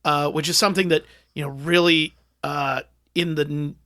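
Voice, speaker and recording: A man co-hosting a comedy podcast, spinning a made-up history lesson with deadpan, mock-scholarly delivery and lots of ums. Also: a little high, moderate pace, no echo, clean studio sound. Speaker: podcast co-host. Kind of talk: casual banter, tall-tale explanation.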